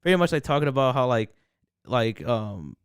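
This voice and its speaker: A man's voice: mid-range voice, normal speed, clear, resonant tone, dry recording, clean studio sound. A man co-hosting a podcast in casual chat, joking and swearing as he talks. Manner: joking, swears, lively asides. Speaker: podcast co-host.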